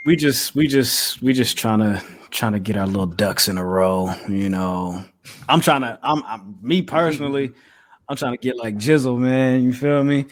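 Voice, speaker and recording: A man hosting a podcast in casual chat, animated and slangy, laughing often and tossing in "you feel me". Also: medium pitch, normal speed, slight background noise. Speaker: podcast host.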